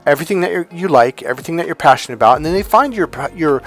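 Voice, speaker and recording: A man speaking as a relationship coach in a motivational monologue, emphatic and animated, often acting out other people's voices. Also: on the high side, rapid-fire, faint music behind.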